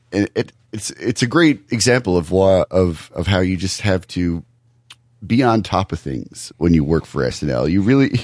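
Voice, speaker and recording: Low-voiced man in casual podcast chat. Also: no room sound, studio quality. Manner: thoughtful, halting with restarts. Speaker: podcast co-host.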